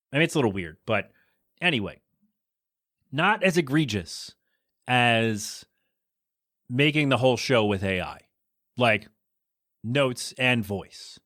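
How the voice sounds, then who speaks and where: A man's voice: mid-range voice, fairly bright tone, no room sound, studio quality. A man hosting his own podcast, chatting casually on his own and rambling, restarting his sentences and voicing blunt opinions. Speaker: podcast host. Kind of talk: casual solo podcast chat.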